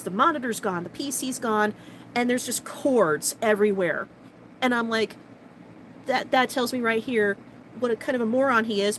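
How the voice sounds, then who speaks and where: A woman vlogger telling a personal story to camera, animated and sarcastic, with fast bursts of talk. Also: a little high, slight background noise, rough recording.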